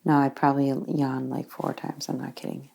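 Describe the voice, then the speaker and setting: A woman's voice: rumbling low, level tone, brisk, vocal fry, darkish tone. A woman paranormal investigator chatting casually and jokingly during a ghost hunt. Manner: joking, offhand.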